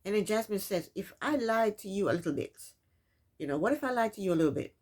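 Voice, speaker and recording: A woman's voice: medium pitch, animated, fast, darkish tone. A woman hosting a casual recap of a reality show, telling the events in her own words and scolding the people in it. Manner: sassy, scolds the people on screen.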